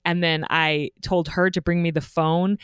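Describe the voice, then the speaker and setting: A woman hosting a podcast, telling a childhood story in a lively way and laughing often. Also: on the low side, unhurried, clean tone, no room sound, studio quality. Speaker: podcast host. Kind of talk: podcast conversation.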